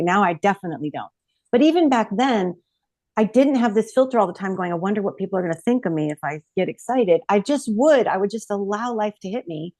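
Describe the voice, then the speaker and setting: A woman telling a personal story in a lively, expressive way on a podcast. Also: mid-range voice. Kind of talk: casual storytelling.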